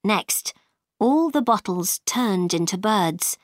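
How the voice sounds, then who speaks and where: A woman reading a storybook aloud in a clear, expressive manner. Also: medium pitch, slow, no echo, clean studio sound.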